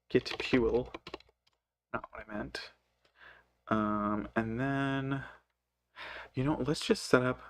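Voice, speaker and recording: A man's voice: lowish voice, slight background noise. A man working through code while thinking aloud, hesitant and self-correcting, muttering to himself and sounding sleepy. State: sleepy, yawning. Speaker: programmer live coding.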